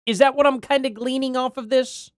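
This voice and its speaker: A man's voice: very high-pitched, steady tone, a little fast, no echo, clean studio sound. A male live-stream host chatting casually, thinking aloud and rambling with questions to himself and his chat.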